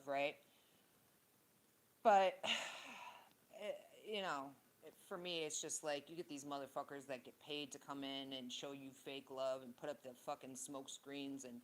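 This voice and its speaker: Low-pitched woman, tarot reader, casual and profane, wanders off on tangents. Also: rough recording. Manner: blunt, profane, rambling asides. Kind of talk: casual tarot reading monologue.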